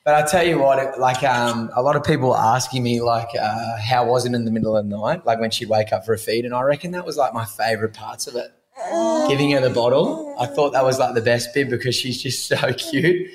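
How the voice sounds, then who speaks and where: A man's voice: medium pitch, brisk. A young man chatting casually as a podcast co-host, laid-back and joking, with casual swearing. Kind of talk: casual chat.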